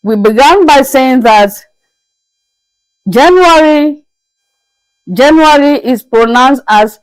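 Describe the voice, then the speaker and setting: A woman's voice: high-pitched, lively intonation, slow pace, pauses often, dry recording, rough recording. A woman teaching French as a lesson to her channel, who spells the words out and repeats each one patiently. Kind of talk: slow, patient classroom lesson.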